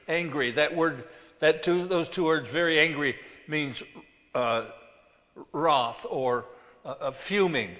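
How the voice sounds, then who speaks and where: A man preaching a sermon as pastor, reading scripture slowly and stressing words with emphasis. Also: a little high, fairly bright tone, long reverb tail.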